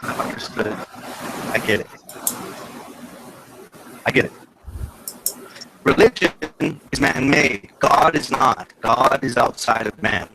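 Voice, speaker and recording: A man's voice: medium pitch, animated, slow, pauses often, background noise. A man on a video call in a heated casual live chat, emphatic, repeating himself and swearing.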